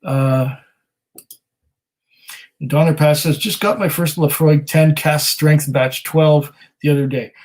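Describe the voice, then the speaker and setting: A man with a somewhat high voice hosts a whisky livestream from home. He reads viewer comments aloud in casual, rambling chat and is modest about himself. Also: fairly even intonation, slow, pauses often, a little mellow, rough recording. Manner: rambling and self-deprecating, with many fillers and laughs. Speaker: whisky channel host.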